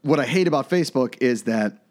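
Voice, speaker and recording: Fast-talking, rambling male co-host. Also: mid-range voice, expressive, a little mellow. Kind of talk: casual radio-style chat.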